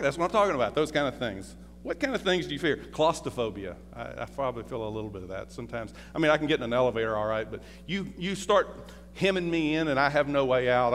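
A middle-aged man preaching a sermon in a casual, conversational way, stopping often to put questions to the congregation and share stories from his own life. His voice rings out in a hall with a long reverb, over a faint hum. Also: mid-range voice.

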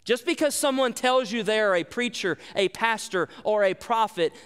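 High-voiced man preaching in an echoing hall. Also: moderate pace, a bit bright, clear, resonant tone. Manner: emphatic, rhetorical questions, repeats phrases. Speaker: pastor. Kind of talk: sermon.

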